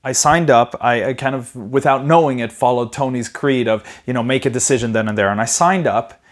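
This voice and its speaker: A property investing educator tells his personal story in a mid-range voice. He speaks conversationally, full of "you know" and quick restarts, and livens up whenever he retells a conversation.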